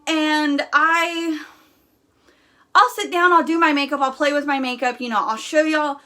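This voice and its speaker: A woman's voice: high voice, steady tone, a little slow, bright, forceful tone. A young woman hosting a casual live stream, talking bluntly and candidly with lots of fillers.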